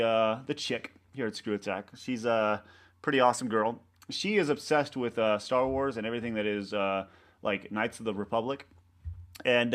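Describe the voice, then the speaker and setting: A man, a website co-founder, talking in a casual interview, rambling and halting with many restarts and fillers. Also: mid-range voice. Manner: animated storyteller acting out coworkers' lines.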